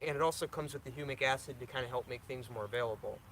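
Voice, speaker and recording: A man's voice: mid-range voice, rapid-fire, a bit bright, a little hiss or hum. A young man hosting a casual live stream, answering viewer questions in a loose, rambling way with lots of restarts.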